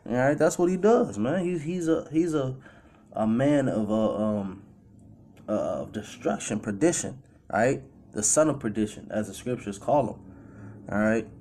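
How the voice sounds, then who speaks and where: A man's voice: medium pitch, animated, unhurried, warm tone. A man preaching a casual sermon, reading scripture and tacking on "all right" and "man" as he goes. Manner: loose, repetitive fillers like "all right" and "man", reads scripture aloud. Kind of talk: casual street-style sermon over clips.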